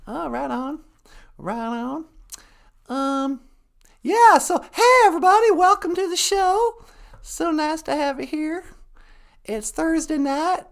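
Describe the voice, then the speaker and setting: A woman from Minnesota co-hosts a casual live-stream podcast, playful and giggly and drawing out her words. Her voice is high and animated, with vocal fry.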